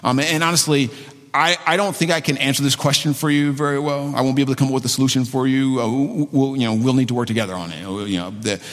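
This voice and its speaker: A male pastor preaching in a church sanctuary, his voice carrying a long hall reverb. He speaks earnestly, often repeating and restarting his phrases as he pleads with the congregation. His pitch sits in a middle range for a man. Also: fairly even intonation, fast talker, fairly bright tone. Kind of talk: sermon.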